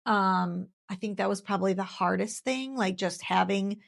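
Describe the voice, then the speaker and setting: A woman's voice: medium pitch, normal speed, gravelly. A woman in her thirties sharing her faith story in an interview, earnest and heartfelt, repeating phrases for emphasis.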